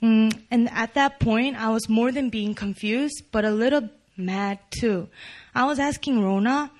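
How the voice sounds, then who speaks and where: A young woman reads her personal testimony aloud to a church congregation. Her voice sits a little high for a woman, and she speaks earnestly. Small nervous laughs slip in between her lines. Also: a little slow. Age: young adult. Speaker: church member giving testimony.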